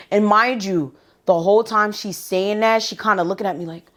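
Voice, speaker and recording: A woman vlogger telling a story in an animated, profane way, with laughing asides. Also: a little high, moderate pace. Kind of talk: storytime vlog.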